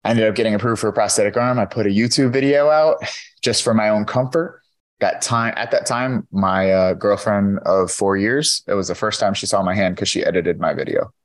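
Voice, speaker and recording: A man's voice: lowish voice, brisk. A man, a podcast guest and keynote speaker, candidly telling his personal story in an interview, earnest and full of "you know".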